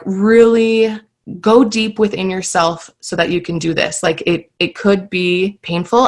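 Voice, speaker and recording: A woman in her thirties, a podcast guest telling her own story in an earnest, heartfelt way with many fillers. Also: lowish voice. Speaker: guest sharing birth story.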